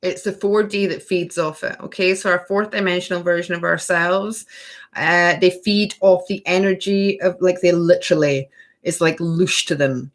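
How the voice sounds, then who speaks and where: A woman's voice: on the low side, steady tone, moderate pace. A woman in her thirties hosting a spiritual workshop live stream, chatting with viewers and tagging sentences with okay and right. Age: 30s. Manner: laughs often between sentences. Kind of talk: live stream chat answering viewer questions.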